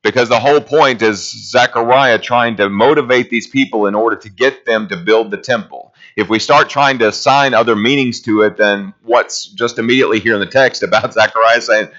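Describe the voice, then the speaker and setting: A man's voice: fairly low pitch, pushed and bright, dull audio. A man leading a casual Bible study class, talking through scripture in a conversational, rambling way and reading passages aloud.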